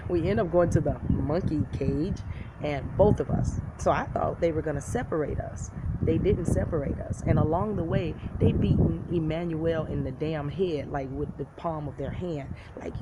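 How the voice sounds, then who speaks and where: A woman from the United States telling a personal story to camera in a blunt, profane, animated way. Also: sits low. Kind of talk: casual storytime monologue. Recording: loud background noise.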